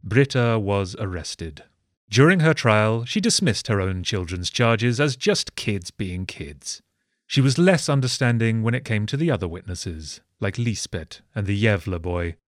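A man narrating a comedic history story with sardonic, deadpan asides. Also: mid-range voice, no echo, clean studio sound.

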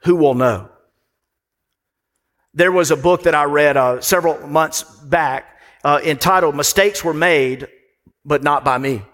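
A man's voice: on the high side, normal speed, fairly bright tone. A man delivering a sermon as pastor, conversational and storytelling, with asides to the congregation. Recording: long hall reverb.

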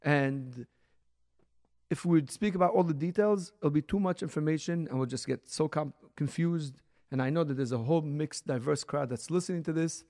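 A man teaching a religious class in a conversational way, with Hebrew terms and frequent restarts, slowing down and rising to stress key words. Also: on the high side, dark tone. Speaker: rabbi teaching a Torah class. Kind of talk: recorded religious lesson.

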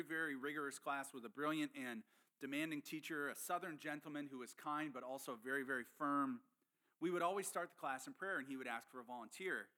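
A man's voice: fairly high pitch, bright, forceful tone. A man pastor preaching a sermon in an earnest, emphatic teaching manner.

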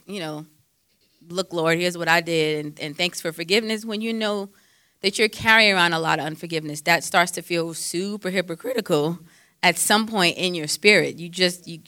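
A woman with a bright, forceful voice and a somewhat low pitch talks through faith-based advice as a counselor. She is conversational, quotes scripture and leans on fillers. The sound is dry and close. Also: no echo.

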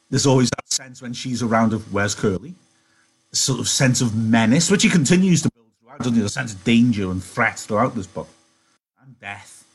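A man's voice: mid-range voice, slightly rough, rough recording. A man teaching literature, reading aloud and analysing a novel in a conversational way, with rhetorical questions.

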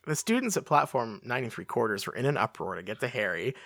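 A podcast co-host chatting casually and reading fan fiction aloud, slipping into playful character voices. The pitch swings widely. The sound is dry and close. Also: big pitch swings, a little fast, few pauses, fairly bright tone, no echo.

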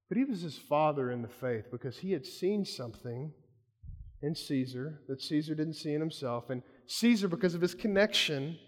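A male pastor with a fairly high voice, preaching in a lively, conversational storytelling way. His words trail off in a long hall reverb. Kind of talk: sermon.

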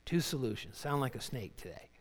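A male pastor delivering a sermon, moving between loud, dramatic readings and quiet, low emphasis. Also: brisk, in a large hall. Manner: animated preaching, voicing Job's cries with rising pitch and dropping low for emphasis.

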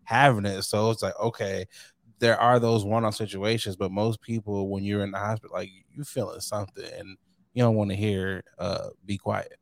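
A man's voice: fairly low pitch, steady tone, moderate pace, gravelly, no echo. A man co-hosting a casual chat, joking, laughing often and acting out little scenes.

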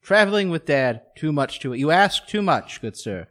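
A man's voice: on the high side, very animated, moderate pace, a bit bright. A man playing a prim, fussy husband in a dry, mock-formal way during a comic podcast chat. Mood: wry. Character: prim, fussy adult man, wry about his wife.

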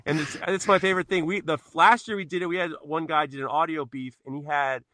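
A man talking loosely on a podcast, his voice bright and forceful. He rambles, restarts his sentences and swears freely. The sound is dry and close. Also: a little high, steady tone, quick pace, dry recording. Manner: rambling, self-interrupting, swears a lot. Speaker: podcast guest, knife maker. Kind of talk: casual podcast chat.

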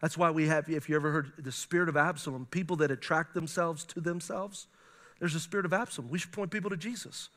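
A man with a high, bright voice preaches a sermon to his congregation. He talks in a lively, animated way, mixing scripture with playful asides and little laughs. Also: fast. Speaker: pastor. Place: church before a congregation.

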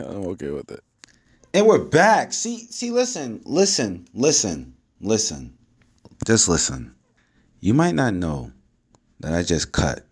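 A man, a father, talking casually to camera, telling stories with swearing and frequent laughs. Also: low-pitched. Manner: animated storytelling, swearing, laughs often. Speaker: vlogger, father.

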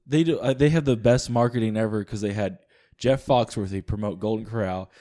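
A man from the American South with a softened Southern accent, chatting casually and joking, slipping into mock voices when he quotes people. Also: lowish voice, fairly quick. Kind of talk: casual chat.

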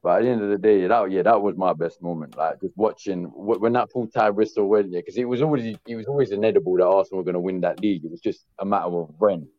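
A man in casual football chat, animated and slangy, repeating words when he gets going, calling in on his phone. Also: deep voice, quick pace, hardly any pauses, dry recording, lo-fi sound. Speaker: football panel guest. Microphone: phone on a call.

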